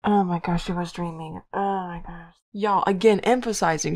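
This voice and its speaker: A young woman giving casual, excitable commentary while playing a horror game, gasping and exclaiming often. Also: mid-range voice, moderate pace, vocal fry, soft background music. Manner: excitable, gasps and frequent exclamations. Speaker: let's play gamer.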